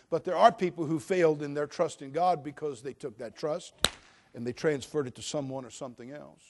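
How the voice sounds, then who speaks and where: Middle-aged preacher guy, bit of a high voice, gets loud then goes quiet and slow for emphasis. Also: fairly even intonation. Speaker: pastor. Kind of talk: sermon.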